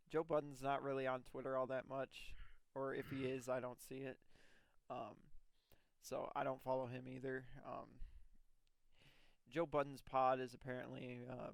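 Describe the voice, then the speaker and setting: A man's voice: mid-range voice, creaky, dry recording. A young man co-hosting a podcast, telling stories in casual chat with lots of fillers. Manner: rambling, filler-heavy storytelling. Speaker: podcast co-host.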